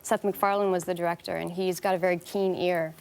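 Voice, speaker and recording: A young Canadian actress as a talk show guest, chatty, warm and quick to laugh. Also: female voice, fairly low pitch, level tone, clean tone. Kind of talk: casual interview talk.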